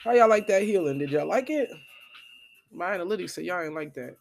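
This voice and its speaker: A podcast host telling a profane, animated story in a casual monologue, quoting the people in it. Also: male voice, high-pitched, brisk, creaky, faint music behind. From Florida.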